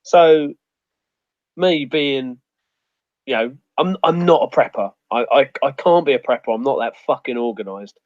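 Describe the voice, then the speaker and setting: A man's voice: mid-range voice, measured pace, no room sound. A man with a rambling, sweary storytelling manner in a casual outdoors chat. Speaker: outdoors guest. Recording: muffled dry audio.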